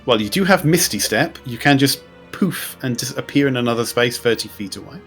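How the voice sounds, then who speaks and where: A man running a tabletop game as game master, with relaxed, descriptive narration and rules asides. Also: mid-range voice, a little fast, faint music behind.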